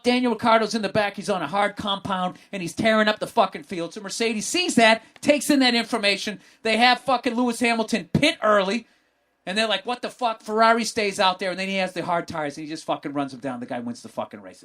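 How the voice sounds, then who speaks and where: A man hosting a podcast, swearing constantly and bursting into excited yelling during a comedic rant about sports. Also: high voice, a little fast. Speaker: podcast host.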